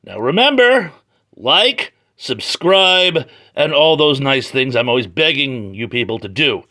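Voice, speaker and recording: A man's voice: medium pitch, very animated, a little slow, pushed and bright. A man doing a casual, joking comic book review from his garage, full of wry asides. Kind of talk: casual read-through review. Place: home garage.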